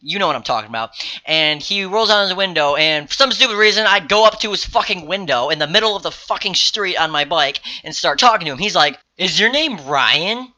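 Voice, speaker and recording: A man's voice: sits high, lively intonation, fast, pushed and bright. A young man telling a story in a casual vlog, rambling, swearing freely and correcting himself as he goes. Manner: rambling, profane, self-correcting. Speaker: vlogger.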